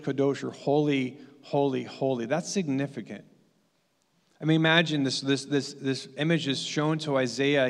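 A man's voice: a little high, big-room sound. A man preaching a sermon as pastor, building his points through emphatic repetition.

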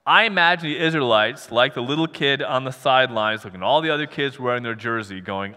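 A man preaching a sermon as pastor, animated, acting out imagined voices and laughing now and then. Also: medium pitch, fairly quick, hardly any pauses. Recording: long hall reverb.

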